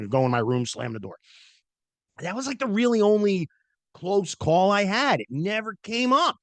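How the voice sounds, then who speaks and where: A middle-aged man hosts a podcast and tells a long personal story in a loose, chatty style, full of fillers and restarts. His voice sits a little high for a man and swings up and down with lively energy. The sound is close and dry, with no room around it. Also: normal speed, dry recording. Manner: animated, chatty, many fillers, acts out quoted voices. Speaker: podcast host. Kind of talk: casual storytelling monologue.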